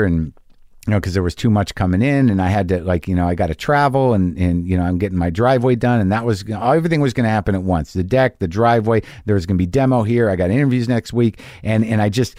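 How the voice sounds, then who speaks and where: A man's voice: fairly low pitch, darkish tone, dry recording, studio quality. Profane, anxious man telling a story. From New Jersey. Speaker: podcast host. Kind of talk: rambling comic monologue.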